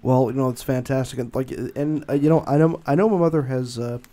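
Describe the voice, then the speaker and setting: A man's voice: medium pitch, fairly quick, dark tone. A man hosting a podcast in casual chat, rambling with many restarts and swearing freely. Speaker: podcast host.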